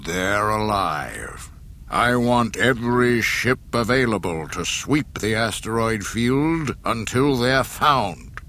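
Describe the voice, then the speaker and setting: A man voicing a menacing masked male dark lord who gives cold, slow commands. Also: fairly low pitch, lively intonation, exaggerated voice. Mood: commanding.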